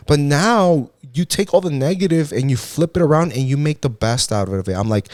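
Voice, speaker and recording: A man's voice: medium pitch, moderate pace, a little mellow, dry recording, clean studio sound. A man co-hosting a casual podcast with his wife, talking in a rambling way full of "like" and mild swearing, now and then dropping Spanish phrases. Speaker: podcast co-host. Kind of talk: casual chat.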